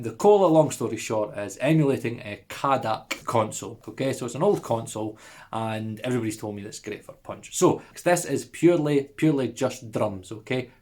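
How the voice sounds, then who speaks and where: A man's voice: medium pitch, darkish tone. A man hosting an audio production video in a casual, jokey, upbeat chat, repeating words for emphasis.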